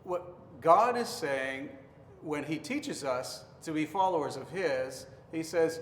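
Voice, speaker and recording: A man's voice: a little high, animated, slow, fairly bright tone. A man pastor giving an earnest marriage devotional teaching, sometimes acting out accusing tones to make a point. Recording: roomy reverberant hall, faint noise.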